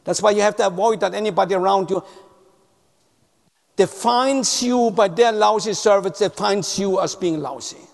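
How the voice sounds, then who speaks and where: Gravelly high-voiced man in a reverberant hall. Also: normal speed. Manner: storytelling, repeating key words for emphasis; non-native phrasing. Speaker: customer service speaker. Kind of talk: motivational talk to an audience.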